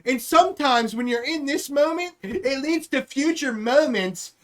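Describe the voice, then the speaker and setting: A man doing a mocking impression of a woman politician who speaks in slow, looping, circular phrases. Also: very high voice, animated, fairly bright tone, voice pushed up, exaggerated voice. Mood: mock-solemn.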